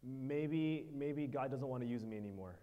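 A man preaching a sermon in short phrases, pausing so an interpreter can follow. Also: medium pitch, lo-fi sound. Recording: hall reverb.

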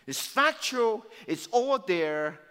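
Pastor guy, bit high voice, storytelling sermon, long echo in a church hall. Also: takes it slowly, smooth. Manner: animated, swings from loud to hushed.

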